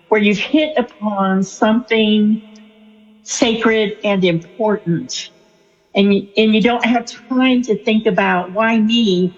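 Woman interviewee, storytelling, breathy voice in a reverberant space. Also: mid-range voice. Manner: chatty and storytelling, with fillers and laughs. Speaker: author and spiritual counselor. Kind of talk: conversational interview answer. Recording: lo-fi with long reverb.

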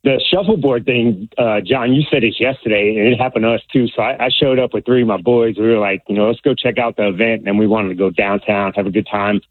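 A man's voice: on the low side, quick pace, few pauses, no room sound. A man calling in to a radio show, telling laid-back stories in casual chat. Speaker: caller. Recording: tinny phone line.

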